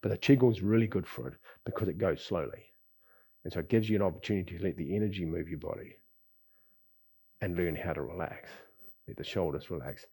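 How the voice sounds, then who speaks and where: A man teaching a qigong class, talking in an easygoing, rambling way with sighs and soft chuckles. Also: low-pitched, a little fast, husky. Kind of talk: relaxed spoken class talk. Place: lives in Bali.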